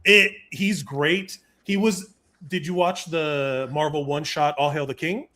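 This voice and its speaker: A man's voice: a little high, fairly even intonation, unhurried, sharp tone. A man hosting a podcast in casual chat, enthusiastic and rambling. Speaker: podcast host.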